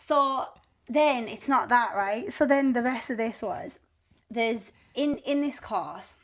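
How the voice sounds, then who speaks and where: A woman telling a story in casual chat as a guest, animated, swearing freely and acting out the people she quotes. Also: a little high, slow pace. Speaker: guest, business founder.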